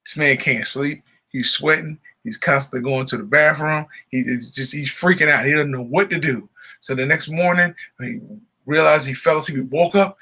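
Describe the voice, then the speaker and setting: Casting: male podcast co-host, bright and forceful tone, animated storyteller, casual banter. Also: on the high side, moderate pace, breathy edge. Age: adult father. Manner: joke-telling, animated, laughs often. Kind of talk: casual chat.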